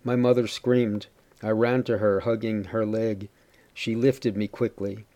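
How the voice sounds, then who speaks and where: Guy reading a story out loud, steady and measured, low mellow voice. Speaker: reader. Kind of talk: first-person story reading.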